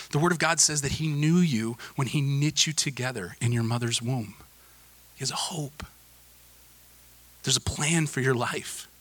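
Male pastor, thirties, sermon delivery, bright forceful tone, earnest with emphatic swells. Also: a little high. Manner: earnest, building to emphatic peaks then dropping soft.

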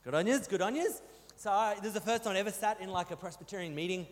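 A man in his thirties with an Australian accent, preaching a sermon as a pastor, telling stories with animated, rising emphasis. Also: high voice, quick pace. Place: church hall. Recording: long hall reverb.

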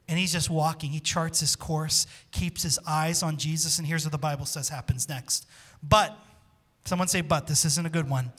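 A man preaching with a high, forceful voice. As pastor, he delivers an emphatic sermon. He keeps turning to the congregation with questions and calls for them to answer. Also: fairly quick.

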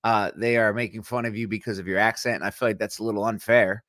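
Energetic man on a dry mic. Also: on the low side, dry recording. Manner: energetic, quick to joke. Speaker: podcast co-host. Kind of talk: casual chat.

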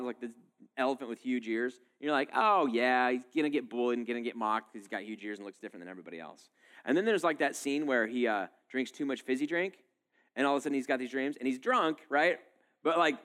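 Animated, chatty male pastor preaching. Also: medium pitch. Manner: casual, animated preaching with many fillers. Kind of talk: sermon.

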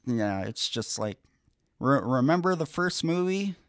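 Deadpan man with a deep mellow voice. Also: a little slow, dry recording. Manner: dry, deadpan. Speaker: podcast co-host. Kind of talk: casual podcast chat.

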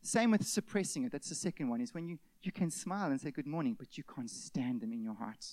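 A male pastor, preaching an animated sermon in which he acts out everyday scenes with sudden shouted outbursts. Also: medium pitch, fast, no echo.

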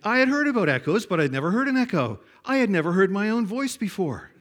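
An older man preaching a sermon, telling folksy stories that swing from hushed to loud. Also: high voice, big pitch swings, quick pace.

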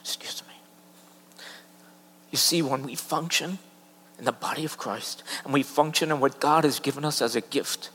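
Male elder preaching, fairly high voice, emphatic swings from loud peaks to near whispers, long hall reverb. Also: breathy edge. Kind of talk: sermon.

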